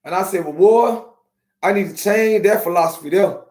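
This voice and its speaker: A man hosting a podcast, talking casually and streetwise to his viewers, slowing down to preach his points. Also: sits high, a little mellow. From Miami. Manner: streetwise, preachy, drawn-out slow emphasis. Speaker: podcast host. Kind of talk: casual live-stream talk to viewers. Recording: echoey room.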